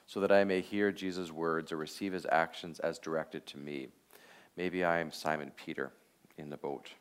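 A man's voice: low voice, clean tone. A man lecturing a class in a conversational way, with many fillers and rhetorical questions. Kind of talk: teaching a class.

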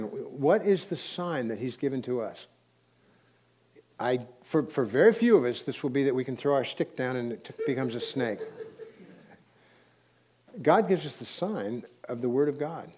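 A man preaching a sermon in a relaxed storytelling way, with sudden emphatic rises. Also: medium pitch, normal speed, pauses often, husky.

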